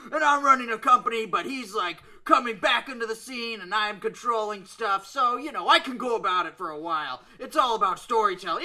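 Bright high-voiced deadpan man. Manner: deadpan, slips into loud boastful promo voice. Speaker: comedy interview guest. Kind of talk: deadpan comedic improv interview.

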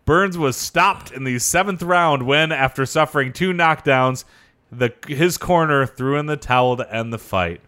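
Bright high-voiced man on a comedy podcast. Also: normal speed, smooth. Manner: reads history facts, then jokes. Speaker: podcast co-host. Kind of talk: casual comedy podcast chat.

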